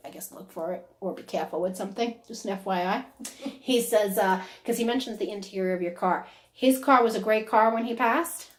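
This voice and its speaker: A woman's voice: mid-range voice, fast. A woman giving a casual psychic reading who talks on and on and keeps checking "is that correct?". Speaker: psychic medium. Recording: roomy echo.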